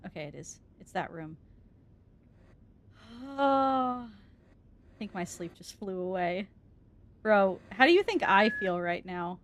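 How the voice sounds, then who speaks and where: A woman's voice: mid-range voice, sing-song, slow pace, pauses often, a little hiss or hum. A woman streamer giving let's-play commentary on a horror game, jumpy and scared, swearing and laughing nervously.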